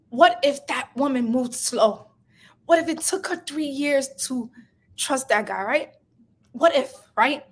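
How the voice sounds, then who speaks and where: A young adult woman hosts a live chat about love and life, her voice sitting a little high as she speaks from the heart. She talks slowly and deliberately, circling back to the same phrases to drive them home, close to tears. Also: slightly rough. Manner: passionate, repeats phrases for emphasis, reads viewer comments. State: emotional, near tears. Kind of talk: emotional casual live-stream talk.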